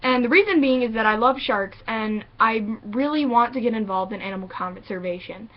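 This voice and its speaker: Brief: high-pitched woman vlogger, sarcastic and profane, muffled lo-fi sound. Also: brisk. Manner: sarcastic, profane, animated ranting. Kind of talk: ranting vlog monologue.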